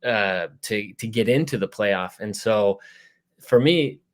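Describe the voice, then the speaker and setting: A man hosting a casual sports interview podcast, talking in a relaxed, rambling way with lots of fillers. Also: on the low side, slow pace. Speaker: podcast host.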